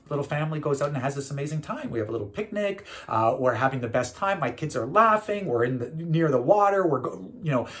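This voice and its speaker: A middle-aged man from Canada talking casually to camera, telling a story with lots of fillers and restarts. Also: on the high side. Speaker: speaker and consultant.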